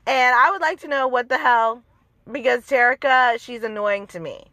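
Woman host, higher voice, dry close sound, blunt and profane show recap. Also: moderate pace, pushed and bright, no room sound. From outside the American South. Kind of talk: casual chat.

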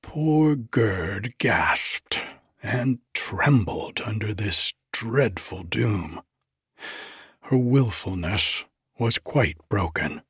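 Slow breathy whispering male narrator. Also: fairly low pitch, a bit bright, no room sound, clean studio sound.

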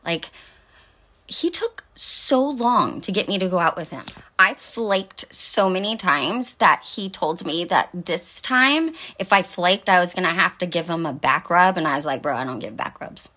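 A middle-aged woman rants through a story with a low-pitched but sharp, forceful voice. She swears freely and drifts through fillers and asides, sarcastic all the way. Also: animated, unhurried. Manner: profane, sarcastic, rambling with many fillers. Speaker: vlog host. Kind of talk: casual storytelling rant.

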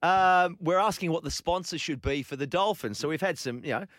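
A man's voice: fairly high pitch, a little fast, a bit bright, no room sound. An Australian man hosting a sports radio show, chatting casually and joking, with frequent restarts. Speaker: radio host.

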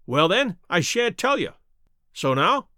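A man's voice: high-pitched, very animated, a little slow, pushed and bright, dry recording, studio quality, exaggerated voice. A man doing a blustering, indignant poultry salesman. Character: irritable cockney poultry salesman, stubborn, proud. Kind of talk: audiobook character reading.

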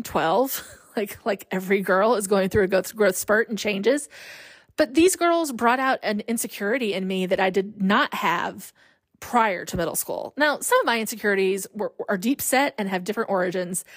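A woman's voice: mid-range voice, dry recording, studio quality. A woman in her thirties hosting a podcast, telling personal stories in a candid, self-deprecating way. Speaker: podcast host. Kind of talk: personal storytelling.

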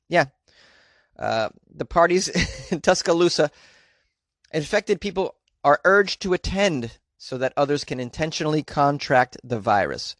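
A man's voice: mid-range voice, brisk, a bit bright, dry recording. A man from California giving casual news commentary, sarcastic and incredulous, with rambling asides. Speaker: commentary host.

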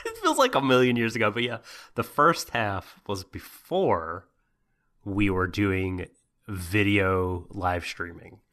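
Male podcast co-host, low bright voice, wry humor, casual chat. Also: very animated, slow pace. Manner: wry, joking asides.

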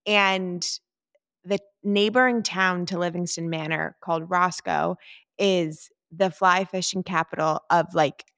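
Thirties woman, podcast co-host, slightly low voice, upbeat and chatty, dry close sound. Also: steady tone, measured pace, a bit bright, no room sound. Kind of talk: casual chat.

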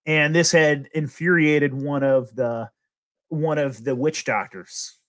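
A young adult man telling a spooky story in casual chat, animated and full of fillers and laughs. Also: a little high, slow. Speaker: podcast host.

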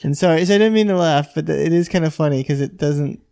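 A man's voice: on the high side, quick pace, gravelly, warm tone. A man co-hosting a podcast who teases his co-host and laughs along while asking follow-up questions. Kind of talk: casual chat.

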